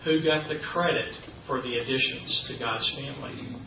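A man's voice: mid-range voice, normal speed, noisy background. Man preaching in a roomy church. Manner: conversational teaching with folksy asides. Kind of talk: sermon. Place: church sanctuary. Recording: roomy, distant, dull church recording.

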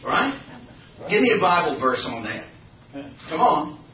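A man giving a folksy, animated church talk full of anecdotes, calling on the congregation for responses. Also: fairly high pitch, measured pace. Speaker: church speaker. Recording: echoey hall from far off, dull sound.

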